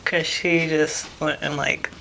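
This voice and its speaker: A woman's voice: low-pitched, flat delivery, slow, sharp tone. A young woman chatting while doing her makeup at home, rambling with lots of "like" and frequent laughs. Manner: rambling, says "like" constantly, laughs often; acts out her mom's voice in quotes. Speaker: vlogger. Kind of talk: chatty get-ready-with-me vlog. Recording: noisy home recording.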